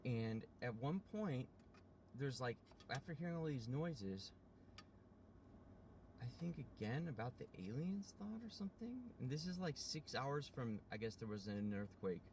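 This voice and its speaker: A man of middle pitch tells a rambling personal story for his vlog. He swears freely, restarts his sentences and wanders off topic. A faint hum of a vehicle sits behind his voice. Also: sing-song, unhurried, darkish tone. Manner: rambling, profane, many restarts and fillers. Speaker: vlogger.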